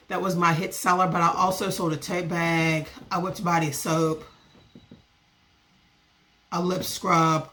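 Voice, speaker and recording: A woman, vlogging as a small business owner and telling a story in a casual, animated way. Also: slight background noise. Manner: animated, acts out other people's lines with lively pitch jumps. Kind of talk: casual storytelling rant to camera.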